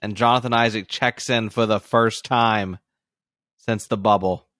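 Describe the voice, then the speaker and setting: A man's voice: lowish voice, steady tone, measured pace, fairly bright tone, no echo, clean studio sound. A young man co-hosting a casual sports podcast, talking in a loose, rambling way. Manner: rambling, loose, with many restarts. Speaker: podcast co-host.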